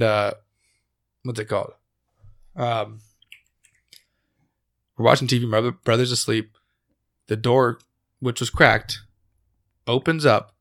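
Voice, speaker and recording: A young man hosting a casual podcast, telling a spooky personal story with lots of swearing. His voice sits mid-range for a man. He gets louder and more animated at the frightening moments. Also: mid-range voice. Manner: profane, animated when telling the scary parts. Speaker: podcast host.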